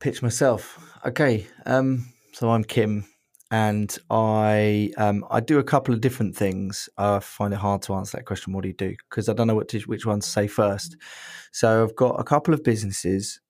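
Low, dry-voiced chatty man. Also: fairly even intonation, normal speed, a little mellow, no echo. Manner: joking, chatty, says "mate" a lot. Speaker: podcast guest. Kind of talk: casual chat. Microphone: desk mic in a cradle.

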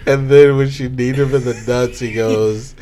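A man's voice: medium pitch, fairly even intonation, moderate pace, crowd noise. A young man co-hosting a casual chat about a movie, enthusiastic and laughing, with some swearing. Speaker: podcast co-host.

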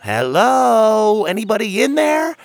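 A man voicing a loud, blunt young female pixie in an audio story. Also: sits high, a little slow, creaky, husky, dry recording, voice pushed up, full character voice. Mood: brash. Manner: shouty and blunt.

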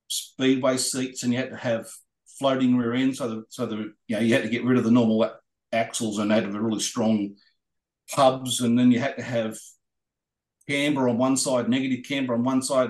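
An Australian man, a guest racer, telling rambling, animated anecdotes in a podcast interview. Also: medium pitch, reverberant. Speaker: guest racing driver.

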